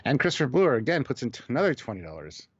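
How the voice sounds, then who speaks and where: A man's voice: mid-range voice, big pitch swings, rapid-fire, husky, muffled recording. A man co-hosting a live stream, chatting casually, reading viewer comments aloud and laughing often. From Canada.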